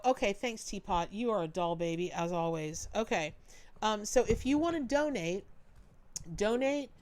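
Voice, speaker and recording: A woman hosting a live-stream tarot reading, chatty and animated with folksy, warm-hearted talk. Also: mid-range voice. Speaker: tarot reader hosting a charity livestream.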